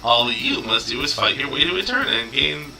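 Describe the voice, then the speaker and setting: A man voicing a stern adult woman weaponsmith and commander from a video game, speaking in a measured, formal way. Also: mid-range voice, big pitch swings, gravelly, bright, forceful tone, heavily acted, rough recording. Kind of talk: reading game dialogue aloud on stream.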